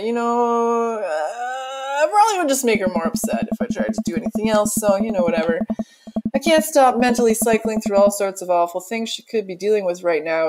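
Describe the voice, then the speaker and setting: A woman's voice: lowish voice, darkish tone, low-quality recording. A woman playing a story game, reading its lines aloud and breaking off with sarcastic, self-mocking asides. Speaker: let's player.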